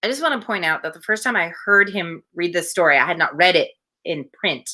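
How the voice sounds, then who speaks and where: A woman's voice: on the low side, expressive, fairly quick, bright, forceful tone. A woman reading a short story aloud to listeners, breaking off for casual, chatty asides. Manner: chatty, laughing asides between passages. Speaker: reader.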